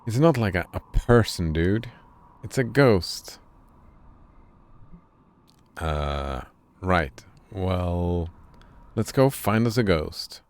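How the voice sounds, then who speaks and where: A man reading a video game's dialogue aloud on a stream, with a very low, gravelly voice. He takes the lines slowly and deadpan, barely changing from one character to the next.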